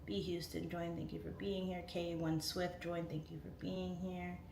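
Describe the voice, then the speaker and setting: A woman's voice: fairly low pitch, flat delivery, normal speed, creaky, darkish tone. Chatty woman in her thirties, roomy sound. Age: 30s. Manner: chatty, laughing, goes off on tangents. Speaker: livestream host. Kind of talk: casual livestream chat reading comments. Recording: roomy echo, faint room noise.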